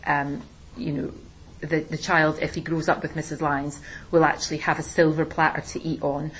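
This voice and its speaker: Woman teacher, low voice, husky tone, explanatory lesson talk. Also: flat delivery, moderate pace, poor audio. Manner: explanatory, many ums and restarts. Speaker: English teacher. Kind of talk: recorded literature lesson discussion.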